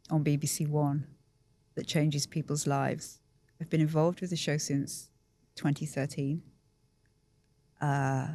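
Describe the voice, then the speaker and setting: A woman's voice: sits low, warm tone, dry recording. A middle-aged woman, a guest on a podcast talking candidly and with self-deprecating humour. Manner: chatty, self-deprecating, emotional.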